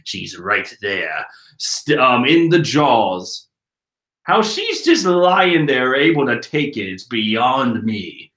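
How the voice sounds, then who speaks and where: A man giving comedic, profane commentary as he reads a manga chapter, swinging from mumbles to shouts. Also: mid-range voice, very animated, takes it slowly. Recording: roomy echo.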